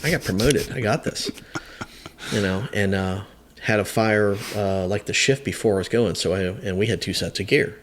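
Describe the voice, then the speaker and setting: Deep-voiced man, halting and candid. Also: fairly even intonation, a bit bright, a little hiss or hum. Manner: halting, many fillers and restarts; self-deprecating, candid. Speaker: firefighter guest. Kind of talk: casual storytelling interview.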